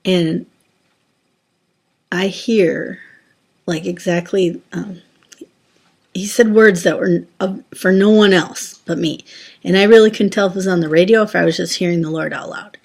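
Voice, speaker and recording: A woman's voice: on the low side, normal speed, vocal fry, pauses often, darkish tone. A woman telling a personal faith story in a casual, rambling way, with many fillers and restarts. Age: adult, former teacher. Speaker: Christian sharing a testimony.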